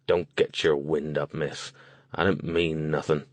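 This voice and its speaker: A man voicing a gruff old small-town motel keeper. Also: rumbling low, flat delivery, a little slow, no room sound, voice pushed down. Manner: folksy rural speech, blunt. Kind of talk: audiobook character voice.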